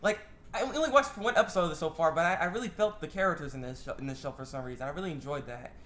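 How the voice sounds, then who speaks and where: A man casually recapping an anime episode, rambling and excitable, full of fillers and restarts. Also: fairly high pitch, racing. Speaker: anime reviewer.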